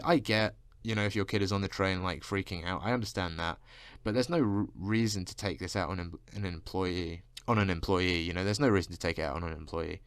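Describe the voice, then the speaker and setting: A man's voice: sits low, fairly bright tone, clear, resonant tone, no echo. A man vlogging a casual rant, constantly saying "like" and swearing freely. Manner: fills speech with "like", swears freely.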